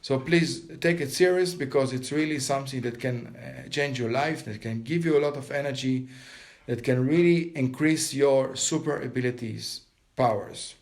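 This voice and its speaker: A man leading a guided meditation, giving calm step-by-step breathing instructions. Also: medium pitch, normal speed.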